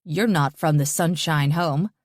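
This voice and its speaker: A woman narrator voicing a stern, suspicious elderly woman who shouts accusations, in an audiobook. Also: high-pitched, very animated, brisk, no room sound, clean studio sound, pitched above the performer's own voice.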